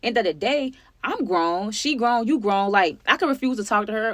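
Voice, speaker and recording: A woman in her twenties telling a personal story to her viewers in a sassy, chatty, animated way. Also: on the high side, normal speed, dry recording. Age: 20s. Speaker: storytime vlogger.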